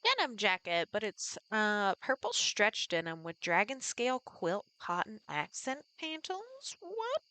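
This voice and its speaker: A woman streaming a cozy farming game, talking things through at an unhurried pace and greeting her viewers as they arrive. Her voice sits in a middle register, easygoing and chatty, with a ready giggle, picked up on a desk mic. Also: mid-range voice, big pitch swings, sharp tone, clean tone. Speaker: live streamer. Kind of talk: casual chat while streaming a farming game.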